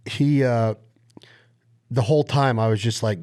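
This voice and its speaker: Excitable male podcast host. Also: medium pitch, unhurried. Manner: enthusiastic, animated storyteller. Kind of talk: casual interview chat.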